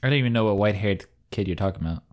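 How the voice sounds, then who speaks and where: A man's voice: lowish voice, racing, darkish tone. Easygoing man in casual podcast chat. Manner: easygoing, hesitant, with ums. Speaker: podcast co-host.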